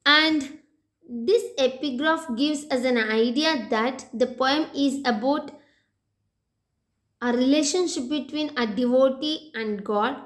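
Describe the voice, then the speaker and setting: A woman with an Indian English accent, teaching an English poetry lesson slowly and deliberately, pausing often with "uh". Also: high-pitched. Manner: slow, deliberate, with frequent "uh" pauses. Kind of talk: recorded lecture.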